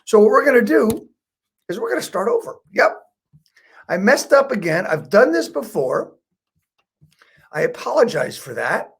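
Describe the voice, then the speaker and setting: A man with a notably high speaking voice coaches viewers through a live online lesson on building rapport. His delivery is chatty and upbeat, full of "right?" check-ins and quick self-corrections. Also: sing-song, gravelly, fairly bright tone, breathy edge. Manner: self-correcting, apologetic asides. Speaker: sales trainer.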